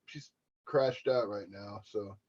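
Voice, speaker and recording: Slow, chuckling man on a dull call line. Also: lowish voice, a little mellow, slightly rough. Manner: laid-back, chuckling, short replies. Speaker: video call participant. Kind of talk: casual video call chat. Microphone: video call. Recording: dull video call audio.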